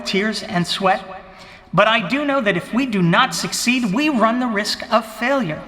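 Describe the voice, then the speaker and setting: Comic bit: man impersonating a pompous president at the podium, high, bright and forceful, grand declaiming cadence, long hall reverb. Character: pompous blustering male president giving an inaugural speech. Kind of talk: comic impression, mock political speech.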